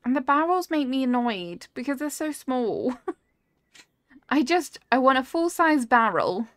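Slow and sing-song, her high, slightly bright voice carries a casual livestream of a cozy building game with no echo. She gushes over viewers' builds, reads chat aloud, and is easily delighted.

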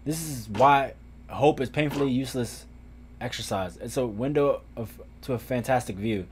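A man reading aloud the lines of a moody, menacing young man in a video game, in a low, flat tone. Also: normal speed, natural voice. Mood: bitter.

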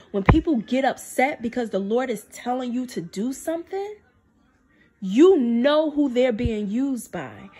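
Woman sharing her faith to camera; emphatic, repetitive delivery in a somewhat high voice. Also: slightly rough. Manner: emphatic, repeats phrases for stress; drops low and soft to quote God. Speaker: faith video speaker. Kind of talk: spiritual testimony to camera.

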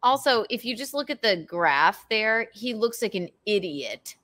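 A woman's voice: a little high, big pitch swings, unhurried, sharp tone. Sarcastic, profane woman panelist. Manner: sarcastic, profane, mock-outraged. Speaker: podcast panelist. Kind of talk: casual panel chat.

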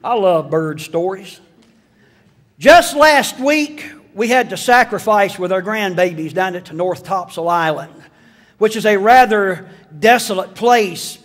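A man's voice: high voice, animated, a little slow, a bit bright. A middle-aged man preaching a sermon, telling folksy stories with jokes. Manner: folksy storytelling with jokes and voiced asides. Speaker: pastor. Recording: long hall reverb.

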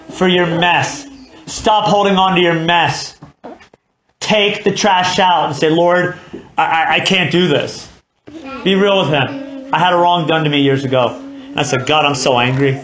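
A man's voice: sits high, a bit bright. A man preaching a sermon as pastor, earnest and direct, repeating key points for emphasis and closing in prayer. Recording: echoey, dull, noisy recording.

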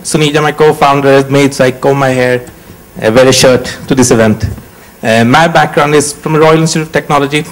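A man's voice: medium pitch, steady tone, fairly quick, rough recording. A man in his forties with a Swedish accent, a startup CEO introducing himself on a conference panel in short, joking, choppy phrases. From Sweden. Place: conference stage.

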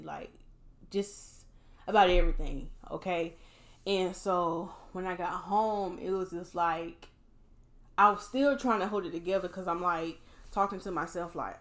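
Low-voiced woman, candid heartfelt vlog. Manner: candid and encouraging, addresses viewers directly. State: emotionally drained after a hard day. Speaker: vlogger. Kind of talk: casual heartfelt vlog talk.

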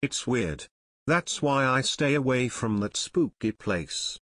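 A man voicing a gruff, friendly adult fisherman in a storybook reading, plain-spoken and blunt. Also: medium pitch, expressive, slow pace, fairly bright tone, no room sound, studio quality.

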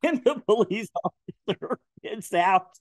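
A man's voice: high-pitched, a little slow, no echo, studio quality. A man, a podcast guest telling stories in casual chat and laughing often. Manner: animated, laughing often through his stories.

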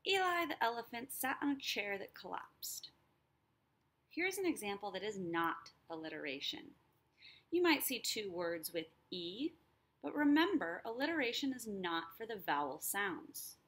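A woman teacher explaining a lesson, sounding out words slowly and clearly. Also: mid-range voice, big pitch swings, fairly bright tone. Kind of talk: recorded lesson.

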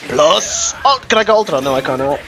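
A man with a high, lively voice talks through his gameplay in casual let's-play style. He is excitable, swearing and shouting at the action, yet speaks at an unhurried pace, with faint game music underneath. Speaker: gameplay commentator.

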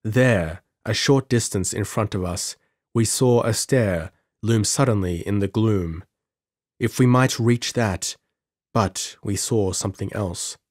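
A man narrating a pulp adventure story in an audiobook with measured, dramatic delivery. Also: on the low side, a little mellow, no room sound, clean studio sound.

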